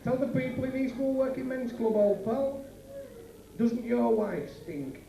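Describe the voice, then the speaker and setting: A man's voice: extremely high pitch, measured pace, creaky, dark tone, slight background noise. A man with a Yorkshire accent doing a bawdy stand-up routine at a working men's club, bantering brashly with the crowd. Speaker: club comedian. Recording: echoey club from far off, faint ambience, 1980s.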